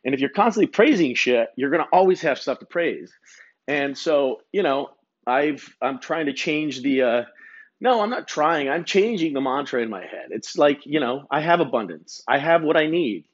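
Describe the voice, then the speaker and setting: A man's voice: fairly high pitch, lively intonation, moderate pace, lo-fi sound. A man hosting a solo podcast, rambling through a laid-back, profane monologue full of stammered restarts. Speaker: podcast host.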